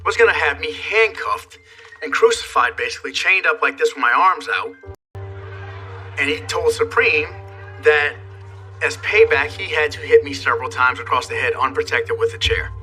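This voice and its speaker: Profane ex-wrestler telling war stories. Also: male voice, fairly high pitch, lively intonation, normal speed, pushed and bright, distant mic, faint music behind. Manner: profane, candid retelling. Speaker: former pro wrestler interviewee. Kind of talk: interview storytelling.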